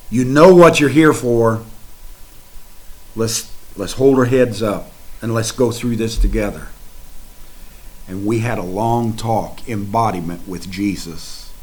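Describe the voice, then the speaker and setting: A man preaching a sermon in a dramatic, folksy way, swinging from hushed to loud and speaking straight to his listeners. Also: on the low side, low-quality recording.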